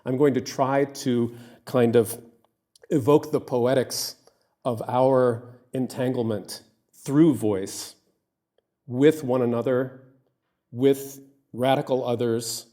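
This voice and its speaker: Male academic lecturer, measured and literary. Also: mid-range voice, fairly even intonation, mellow. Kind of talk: live academic lecture, reading a written paper aloud. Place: in front of a live audience.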